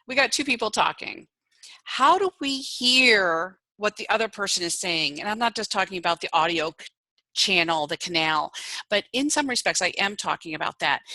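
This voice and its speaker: A woman giving an online presentation on communication styles, lively and demonstrative, varying her emphasis and pace. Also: mid-range voice, moderate pace, dry recording, rough recording. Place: home setup on an online meeting.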